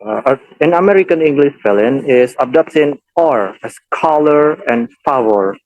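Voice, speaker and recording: A man's voice: mid-range voice, expressive, moderate pace, darkish tone, no room sound, muffled recording. Man plainly reading a lesson, dry sound. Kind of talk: reading a class presentation.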